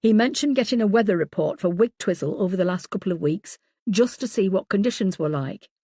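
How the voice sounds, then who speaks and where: A woman reading the lines of a tense, hurried male detective in an audiobook. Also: medium pitch, animated, warm tone, husky, dry recording, studio quality. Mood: urgent. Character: urgent male detective sergeant.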